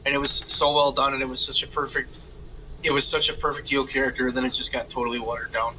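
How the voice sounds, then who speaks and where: A man's voice: medium pitch, fast, a little hiss or hum, low-quality recording. A man co-hosting a casual podcast chat, telling stories with energy and swearing freely. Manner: animated storyteller, swears freely. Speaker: podcast co-host.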